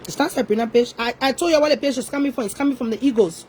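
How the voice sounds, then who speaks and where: Woman, high voice; confrontational online rant, scolding and repetitive. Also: rapid-fire, a little mellow, slight background noise, low-quality recording. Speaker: online commentator. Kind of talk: ranting social media commentary.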